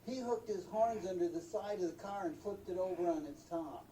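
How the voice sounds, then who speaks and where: An older storyteller telling a folksy tale aloud, animated and acting out voices and sounds, recorded from a distance in a roomy space. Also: medium pitch, moderate pace. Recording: roomy, distant mic, faint noise.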